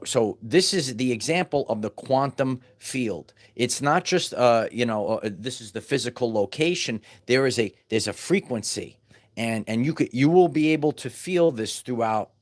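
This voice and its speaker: A man speaking straight to his audience about spiritual growth, at a middling pitch. He talks emphatically, stumbling over and repeating words as he presses his points home. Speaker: spiritual wellness vlogger. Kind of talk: casual spiritual teaching monologue.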